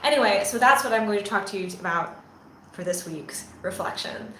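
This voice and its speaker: Here the ministry vlogger and channel founder sounds mid-range, animated and a little fast, her voice pushed and bright. Holding her phone on a selfie stick, she chats and rambles through a casual reflection to camera, restarting often and using plenty of fillers. Faint hum and echo fill the room.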